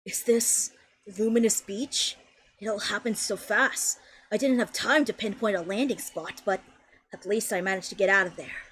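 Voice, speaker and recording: A woman's voice: mid-range voice, normal speed, fairly bright tone, husky, rough recording. A woman voicing a determined young woman adventurer in a game, with an earnest, searching tone close to her own voice.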